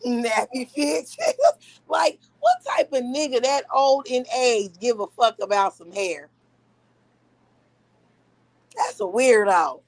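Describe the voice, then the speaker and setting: A woman's voice: a little high, very animated, slow pace, creaky, no echo. A woman live streamer ranting and taunting in brash, profane trash talk.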